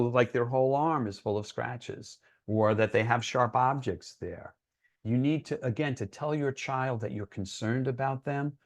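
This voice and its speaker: A man giving an educational talk for parents in an earnest, reassuring, conversational way. He often checks in with his listeners by asking "right?". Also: medium pitch. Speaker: presenter for parents. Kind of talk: educational presentation.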